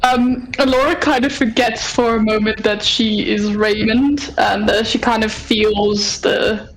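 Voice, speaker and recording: A woman's voice: on the high side, fairly even intonation, unhurried, soft background music, rough recording. A woman playing in a tabletop game, talking in a rambling, hesitant way. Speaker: player. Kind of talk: casual play.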